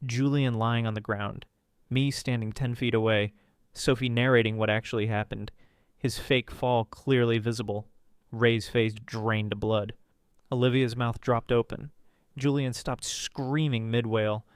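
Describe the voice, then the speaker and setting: Male storyteller, smooth and resonant, close dry mic, dramatic first-person read. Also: steady tone, a little slow, dry recording. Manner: dramatic, voices characters with pitch jumps. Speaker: story narrator.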